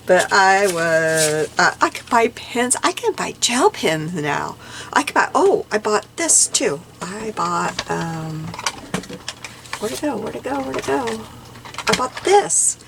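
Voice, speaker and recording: A woman's voice: mid-range voice, sing-song, slow, creaky, long pauses, background noise. A woman crafting vlogger chatting casually while she works, giddy and talkative, laughing often and using lots of fillers.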